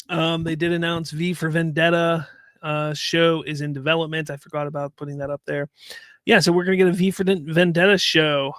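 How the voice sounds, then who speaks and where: A man's voice: a little high, dry recording, clean studio sound. A man hosting a live-stream talk show, ranting in casual commentary and reading viewer chat aloud. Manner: animated, ranting, repeats himself.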